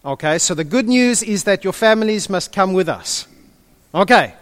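High-voiced joking pastor man. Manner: jokey, animated, quick asides. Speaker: pastor leading a group session. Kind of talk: interactive church teaching.

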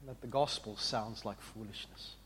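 A man preaching a sermon, with an impassioned delivery that swings from quiet reflection to loud exclamation. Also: lowish voice, fairly even intonation, normal speed, slight background noise. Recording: long hall reverb.

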